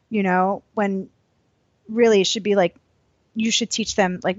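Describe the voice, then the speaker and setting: A woman early childhood educator co-hosting a podcast, chatting casually with quick laughs. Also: mid-range voice, steady tone, no echo. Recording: slightly dull lo-fi sound.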